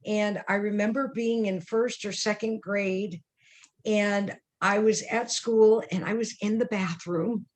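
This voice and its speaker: An earnest woman in her sixties tells personal stories as a podcast guest. She speaks in a middling pitch, vivid and conversational, with frequent fillers and restarts. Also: steady tone, measured pace. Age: 60s. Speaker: guest psychic medium.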